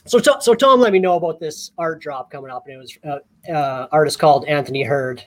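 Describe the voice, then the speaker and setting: Man, somewhat high voice, casual podcast co-host, animated storyteller, repeats himself. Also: a little fast. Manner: animated, repeats words while telling a story.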